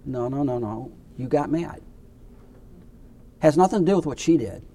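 A man's voice: mid-range voice, expressive, moderate pace, dark tone. A man teaching a Bible class in a conversational, emphatic way, often repeating his points.

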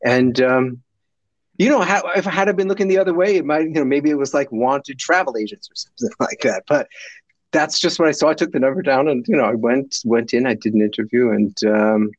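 Animated middle-aged man telling a story. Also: mid-range voice, brisk, dry recording, highs cut off. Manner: animated, acts out voices in his stories. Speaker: guest. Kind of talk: storytelling in a conversation.

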